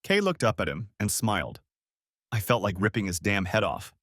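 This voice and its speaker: Low, lively-voiced male story narrator. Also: moderate pace, no room sound, studio quality. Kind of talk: first-person audiobook narration.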